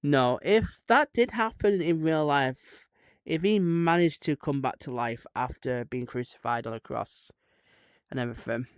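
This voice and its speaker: A man's voice: a little high, animated, unhurried, clear, resonant tone, no room sound. Streamer guy rambling and joking around, dry close sound. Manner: rambling, irreverent, laughs at own jokes. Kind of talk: casual chat.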